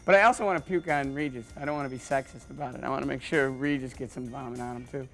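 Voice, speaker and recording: A man who is a stand-up comedian, rambling through deadpan jokes with lots of stammers and restarts. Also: mid-range voice, fast talker, vocal fry, soft background music. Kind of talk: joking interview monologue.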